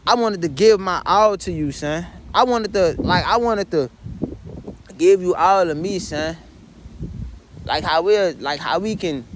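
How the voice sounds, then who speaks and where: A man's voice: high voice, a little hiss or hum. A young man, venting about heartbreak in an emotional, profane personal monologue. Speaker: vlogger.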